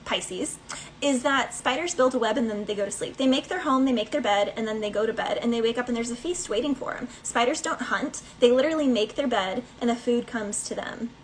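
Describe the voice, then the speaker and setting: A woman's voice: a little high, a little fast, a little hiss or hum, low-quality recording. A woman giving a casual tarot reading in a chatty, playful way, laughing between thoughts. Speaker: tarot reader.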